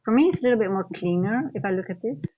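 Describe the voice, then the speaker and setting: A woman's voice: medium pitch, expressive, racing, dark tone, dull audio. Chatty woman trader thinking aloud. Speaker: futures trader and trading coach. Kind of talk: casual live-stream trading commentary. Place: at home, near a kitchen.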